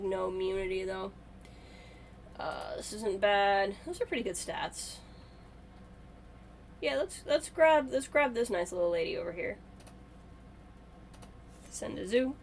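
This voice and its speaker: A woman's voice: mid-range voice, vocal fry, slight background noise. A woman streamer chatting casually and thinking aloud as she plays a game on a live stream.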